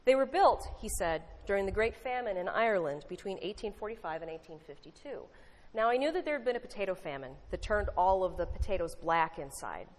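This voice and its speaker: A woman's voice: mid-range voice, lively intonation, a little fast. A woman giving a sermon, mixing a folksy story with earnest teaching and wry asides. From United States. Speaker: lay preacher. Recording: long hall reverb.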